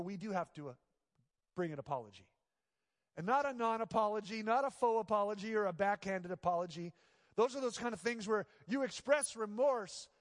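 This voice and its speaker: A man preaching a sermon in a high voice, his words trailing into a long hall reverb. He tells stories and voices the people in them. He builds his points through emphatic, repeated phrases. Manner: storytelling, voices characters, builds to emphatic repetition. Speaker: pastor.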